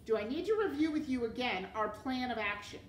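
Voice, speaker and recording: A sly, condescending storybook rat who coaxes in formal, patronizing tones, as a woman reads him aloud. The voice sits fairly high and comes from across an echoey room with a faint hiss behind it. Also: lively intonation, fairly quick, natural voice. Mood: scheming. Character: scheming male rat, oily and condescending.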